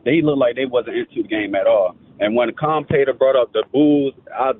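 A man in his twenties calling into a sports radio show, talking in a relaxed, plain way. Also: mid-range voice, a little fast, no room sound. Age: 20s. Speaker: caller. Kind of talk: phone-in call. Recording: tinny phone line.

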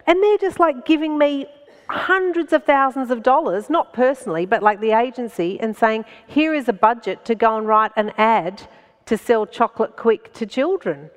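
A woman with an Australian accent, a stand-up comedian telling a story as a guest in an animated way and laughing between phrases. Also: fairly high pitch, normal speed, big-room sound. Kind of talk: anecdotal storytelling in conversation.

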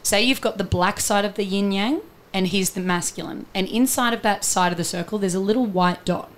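A woman's voice: medium pitch, fairly quick, a little hiss or hum. A woman relationship coach talking in an interview, explaining her ideas earnestly and walking through everyday examples. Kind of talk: conversational interview.

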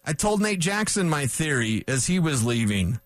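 Fired-up high-voiced sports radio man. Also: big pitch swings, moderate pace, dry recording. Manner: emphatic, combative, repeats points for punch. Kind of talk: fired-up sports talk rant. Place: radio studio.

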